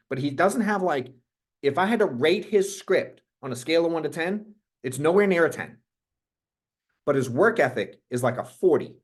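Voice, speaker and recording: A male business coach tells a story to his group with loose, restless energy. He circles back on himself, curses casually and speaks at a middle pitch. The tone is an off-the-cuff pep talk. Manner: energetic, profane, rambling storyteller.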